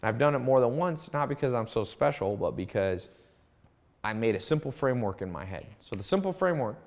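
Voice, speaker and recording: A man's voice: mid-range voice, fairly quick. Man teaching in a loose, chatty way. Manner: storytelling, animated, with asides and restarts. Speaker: course instructor. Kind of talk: casual teaching monologue.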